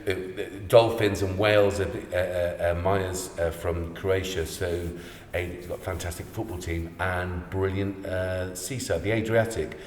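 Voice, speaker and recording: Deep-voiced and a little slow, with fairly even intonation, a man hosts a podcast and chats casually, rambling enthusiastically and often restarting his sentences. It's recorded in an echoey room with faint noise.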